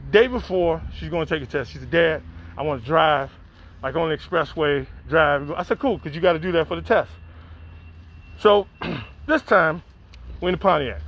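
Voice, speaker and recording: A middle-aged man, telling a profane, animated spoken-word story and acting out the dialogue. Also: fairly high pitch. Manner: acts out dialogue, rises in excitement.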